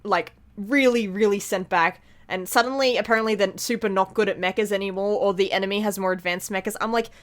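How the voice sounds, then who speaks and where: A woman's voice: medium pitch, fairly even intonation. A woman co-hosting a podcast, retelling scenes in a rambling, casual way full of fillers. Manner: rambling, filler-heavy retelling with quick acted quotes. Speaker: podcast co-host. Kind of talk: casual chat.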